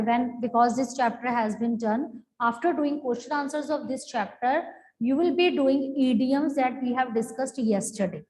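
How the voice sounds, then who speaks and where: A woman teaching an online English class, explaining slowly and drawing out her words. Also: high-pitched, darkish tone. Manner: slow, explanatory, drawn-out words. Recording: echoey hall-like room.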